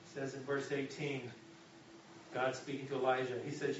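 A male pastor preaching a sermon, moving between loud urgent passages and soft hushed ones. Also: mid-range voice, level tone, moderate pace, distant mic, a little hiss or hum. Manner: dynamic preaching, drops to a soft hush for God's voice. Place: church hall. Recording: echoey, muffled hall recording from afar.

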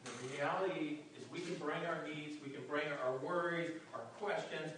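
A man's voice: fairly high pitch, steady tone, normal speed, a bit bright. A man preaching a sermon earnestly, often repeating words and restarting as he goes. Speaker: pastor. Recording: very echoey room, voice from a distance, faint background noise.

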